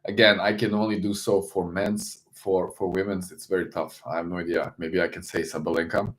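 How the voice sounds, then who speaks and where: A man with a somewhat low voice hosts a casual live stream. He greets viewers and answers the chat in a loose, chatty way. His sentences often stop and start again. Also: little pitch movement, brisk. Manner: loose and searching, with frequent restarts.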